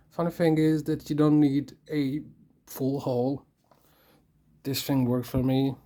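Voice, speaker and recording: A maker giving a casual hands-on tutorial, explaining slowly and carefully and talking to themself while working. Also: mid-range voice, background noise. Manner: slow and careful, talks to self while working.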